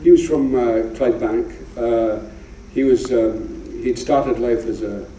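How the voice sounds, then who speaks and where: A Scottish actor in his seventies, appearing as a guest in an on-stage interview, tells rambling anecdotes to a theatre audience. His mid-range voice is mellow and he takes it slowly. The live recording sounds roomy and distant, with a little hiss or hum.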